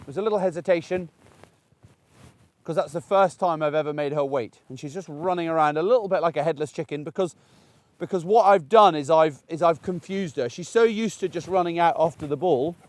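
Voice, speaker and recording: A man's voice: a little high, fairly quick. A man, a dog trainer, chatting and explaining as he demonstrates puppy training outdoors, with frequent restarts. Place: outdoors in a paddock.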